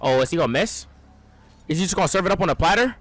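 Excitable young gamer, yelling and muttering. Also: male voice, a little high, rapid-fire, no room sound. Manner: excitable, trash-talking, swings between yelling and mumbling. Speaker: gaming streamer. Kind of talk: live gameplay commentary.

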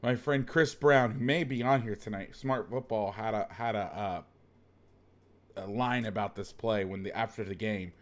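A man's voice: fairly low pitch, normal speed. A man hosting a casual football film breakdown, talking like a coach and cracking jokes. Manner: joking, animated coach talk. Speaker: host breaking down game film.

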